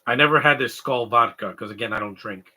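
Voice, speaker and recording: A young adult man from Canada, co-hosting a live stream in rambling, animated comedic chat. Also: mid-range voice, fairly quick. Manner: rambling, animated, mimics stutters and sobbing noises.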